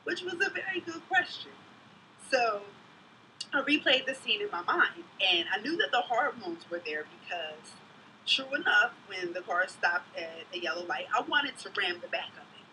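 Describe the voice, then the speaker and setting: A blunt, outspoken woman talks straight to camera in a casual vlog, gossiping and telling stories. Her voice is very bright and a touch sharp. She sits back from the mic, and a faint hum of noise runs behind her. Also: medium pitch, big pitch swings, normal speed, far from the mic, rough recording. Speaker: vlogger, mother. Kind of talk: casual chat, storytelling.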